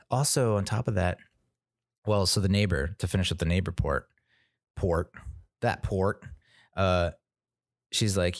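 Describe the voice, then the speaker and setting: Man, podcast host, low voice, dry close sound, casual rambling monologue, acts out quotes. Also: measured pace, pauses often, no room sound.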